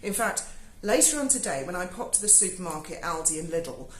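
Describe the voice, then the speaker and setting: A woman's voice: fairly low pitch, sing-song, fairly quick, echoey room, poor audio. A British woman, giving a sarcastic, sweary video review monologue. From Britain. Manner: sarcastic, swears freely, mocking asides. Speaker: YouTuber. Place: home in Spain.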